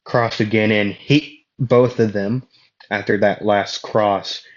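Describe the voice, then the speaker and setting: A man's voice: lowish voice, steady tone, takes it slowly, muffled recording. A young man casually narrating a fan story, rambling with fillers and self-deprecating asides.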